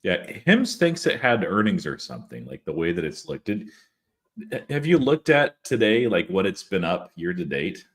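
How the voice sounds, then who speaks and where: A man co-hosting a casual stock-market livestream. His voice sits low, yet his pitch moves around freely. He comes across relaxed and dry, and he laughs easily. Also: moderate pace. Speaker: co-host of a stock market stream.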